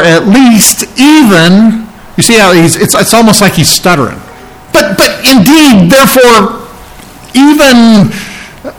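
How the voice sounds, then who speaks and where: A man preaching an expository sermon, emphatic and climbing higher in pitch when his delivery gets excited. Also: poor audio. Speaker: pastor.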